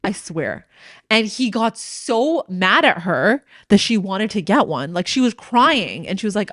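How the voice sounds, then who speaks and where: A woman's voice: medium pitch, measured pace, dry recording. Casting: woman podcast co-host, chatty storyteller, close dry mic. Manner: animated storyteller, acts out quoted people. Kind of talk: casual chat.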